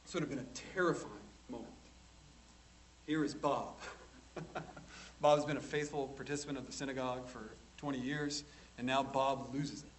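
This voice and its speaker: A man's voice: medium pitch, fairly even intonation, moderate pace, long pauses, a little hiss or hum, poor audio. A man preaching a sermon in an emphatic style, often checking in with the congregation. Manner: emphatic, rhetorical tag questions.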